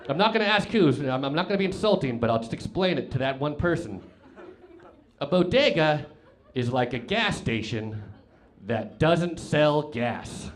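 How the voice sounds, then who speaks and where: A young man from Colorado doing a stand-up comedy set on a club stage, telling rambling, self-deprecating stories full of stammered restarts. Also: mid-range voice.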